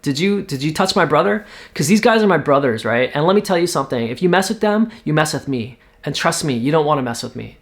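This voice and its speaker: Guy playing a cocky young hero squaring up to thugs, voice pushed a bit higher. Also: lively intonation, fast talker, hardly any pauses. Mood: defiant. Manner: tough, confrontational. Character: brash young male vigilante hero.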